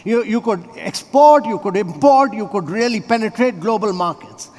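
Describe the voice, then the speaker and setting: An older man with a notably high voice speaks on a conference stage, laying out his argument point by point with numbers. His voice carries a long reverb from the large hall around him. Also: a little mellow. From India. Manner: measured, builds points with numbers and lists. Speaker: award honoree, interview guest. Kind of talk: on-stage conversation.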